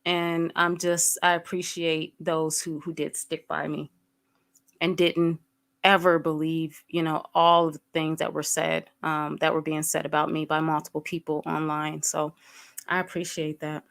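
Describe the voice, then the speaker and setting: A woman's voice: low voice, level tone, measured pace, vocal fry, fairly bright tone. A woman hosting a livestream, talking candidly to her viewers and greeting people in the chat as they arrive. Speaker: livestream host.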